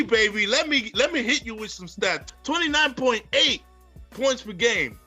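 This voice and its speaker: A man's voice: sits high, sing-song, moderate pace, pushed and bright, soft background music. A young man co-hosting a podcast, hyped, boastful and playful in casual sports chat. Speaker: podcast co-host.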